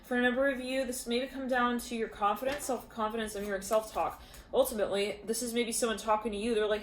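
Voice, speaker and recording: A woman's voice: fairly high pitch, steady tone, fast talker, reverberant, slight background noise. A woman giving a casual spoken tarot reading, chatty and full of fillers, giggling often. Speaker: tarot reader.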